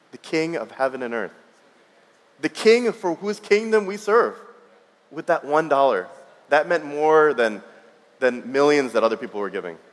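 A man in his thirties preaching a sermon, telling a personal story in a conversational way with frequent restarts. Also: on the high side. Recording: long reverb of a large hall.

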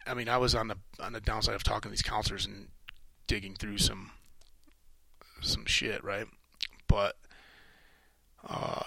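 A middle-aged man hosting a solo podcast, talking through his thoughts in a rambling, halting way with many restarts and casual swearing. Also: medium pitch, gravelly, sharp tone, breathy edge, dry recording, low-quality recording. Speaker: podcast host. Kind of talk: solo reflective monologue.

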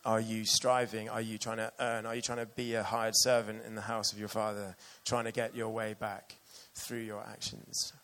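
A man's voice: fairly low pitch, level tone, moderate pace, hardly any pauses, a bit bright. A man preaching a sermon earnestly and with emotion, reading passages aloud to his church.

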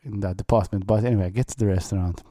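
A man from Malta co-hosts a podcast in easygoing chat, looping back over his words as he tells a story. His voice sits low and mellow. The sound is dry and close. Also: fairly even intonation, racing, no echo. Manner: chatty storyteller, repeats words while thinking. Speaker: podcast co-host. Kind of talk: casual chat.

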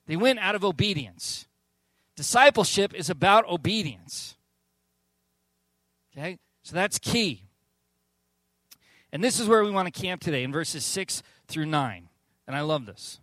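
A man preaches to his congregation with a fairly high voice. He tells lively stories and acts out the quotes. The sound is dry and close. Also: measured pace, long pauses, no echo. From Southern California. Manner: animated storytelling, acts out quotes. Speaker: pastor. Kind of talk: sermon.

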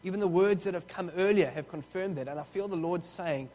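A man's voice: high-pitched, a little fast, a little mellow, big-room sound. A man preaching a sermon, telling a story with touches of humor and often restarting his sentences.

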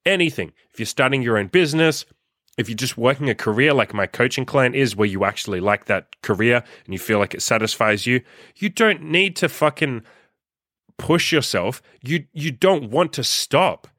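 A man's voice: medium pitch, normal speed, a bit bright, no room sound, studio quality. A young man hosting his own podcast, ranting bluntly and profanely as he scolds listeners. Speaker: podcast host and coach. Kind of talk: ranting solo podcast monologue.

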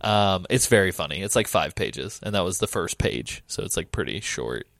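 A man hosting a casual podcast chat about a video game, animated and swearing now and then. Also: deep voice, normal speed, creaky, no echo, clean studio sound. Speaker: podcast host. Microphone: home computer setup.

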